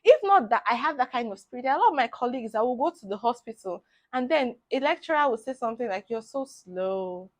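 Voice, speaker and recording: This young Nigerian woman, a medical student in her twenties, talks fast with a high voice and barely pauses. She gives bubbly, animated advice in a casual vlog, laughing frequently.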